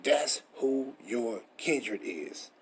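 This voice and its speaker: A man's voice: mid-range voice, animated, drawn-out words, a little hiss or hum. A man teaching scripture in a preachy, emphatic way, full of rhetorical questions and swearing. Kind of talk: street-style scripture teaching.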